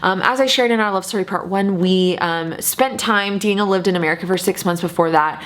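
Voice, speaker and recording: A young woman vlogger telling a personal story in a chatty, animated way, with lots of fillers and repeated words. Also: medium pitch, a little fast. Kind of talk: casual storytelling to camera.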